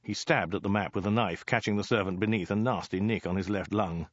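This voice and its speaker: Man, comic story narration, low voice, dry close sound, dull lo-fi. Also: fairly quick, no echo.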